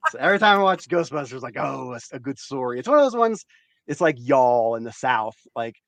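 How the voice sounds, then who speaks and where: Man host, jokey rambling chat, very lively pitch, dry close sound. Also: a little fast, creaky, no room sound. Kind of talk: casual chat.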